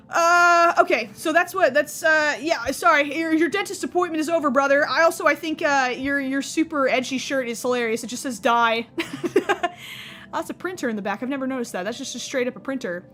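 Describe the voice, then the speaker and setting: Soft background music plays under this gaming streamer, a young woman whose high, slightly bright voice moves fairly quickly. She keeps up casual let's-play chatter, cracking jokes and correcting herself along the way.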